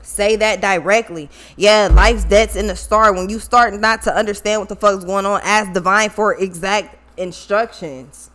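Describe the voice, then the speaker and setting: A woman with features talks through a tarot reading in a loose, casual way. She is blunt, swears freely and circles back to repeat her point. Her voice sits at an ordinary middle pitch. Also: steady tone, measured pace, a bit bright. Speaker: tarot reader.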